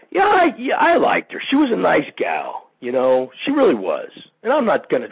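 A man hosting a show, a pro wrestler ranting in a heated, animated monologue full of "you know" and "man.". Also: low voice, breathy edge, no room sound, lo-fi sound. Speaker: podcast host, pro wrestler.

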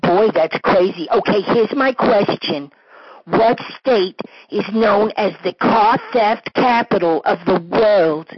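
A man doing a jittery high-voiced radio caller. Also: takes it slowly, husky, no room sound, full character voice. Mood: flustered. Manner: nervous, babbling. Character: flustered excitable male radio caller. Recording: dull lo-fi recording.

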